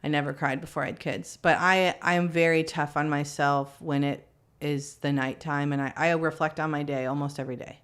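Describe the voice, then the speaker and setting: A woman's voice: fairly quick, few pauses, clean tone. A woman in her thirties, a guest and mother of three, talking candidly and animatedly in a podcast conversation and poking fun at herself. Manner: animated, candid, self-mocking storyteller with big pitch swings.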